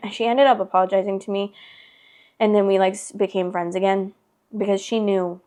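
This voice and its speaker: A woman's voice: medium pitch, steady tone, moderate pace, warm tone. A young woman in her twenties hosting a podcast, telling a personal story in a casual, chatty way, with lots of "like" and frequent swearing. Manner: chatty, heavy filler "like", swears freely. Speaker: podcast host.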